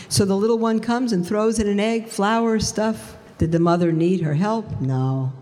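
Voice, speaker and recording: An earnest woman tells her faith testimony, slowing her words on the points she stresses. Her voice is mid-pitched for a woman. A long reverb trails behind her in a large hall. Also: animated, dark tone. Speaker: speaker giving a conversion testimony. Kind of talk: testimony talk.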